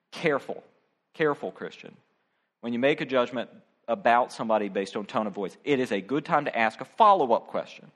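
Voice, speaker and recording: A man's voice: medium pitch, expressive, moderate pace. A middle-aged man preaching a sermon as pastor, speaking directly and emphatically to his congregation. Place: church.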